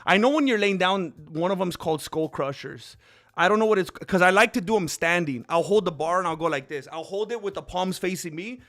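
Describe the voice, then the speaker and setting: A man hosting a casual livestream, chatting in a rambling, excitable way and calling viewers dude and bro. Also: sits high, a little fast. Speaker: streamer host.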